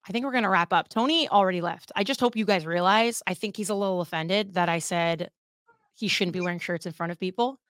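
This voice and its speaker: Woman podcast host, bright forceful tone, dry close sound, chatty and profane. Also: lowish voice, fast talker, dry recording. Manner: animated, chatty, swears freely. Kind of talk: casual podcast monologue.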